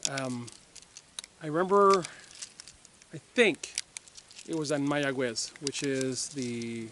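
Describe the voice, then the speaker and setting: A man's voice: mid-range voice, takes it slowly, fairly bright tone, a little hiss or hum. A middle-aged man from Puerto Rico telling a personal story to camera in a rambling, reflective way, with many fillers and restarts. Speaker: firearms training company owner.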